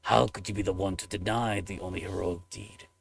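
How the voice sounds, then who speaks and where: A man voicing a loyal, solemn warrior monk with a gravelly voice, reading game dialogue in formal, deliberate speech. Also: deep voice, steady tone, soft background music. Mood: resolute.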